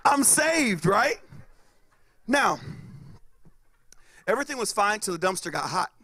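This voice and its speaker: A man doing stand-up, telling a story with loud sound effects and acted-out voices. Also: high voice, big pitch swings, a little slow, no echo. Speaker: comedian.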